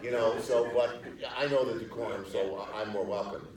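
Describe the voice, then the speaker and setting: A man's voice: fairly low pitch, steady tone, moderate pace, crowd noise. Older man telling stories in an echoey hall. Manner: rambling, many restarts and fillers, acts out quoted people. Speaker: screenwriter and producer guest on a panel. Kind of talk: storytelling anecdotes at a live Q&A. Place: theater stage in front of an audience. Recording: echoey theater hall, distant mic.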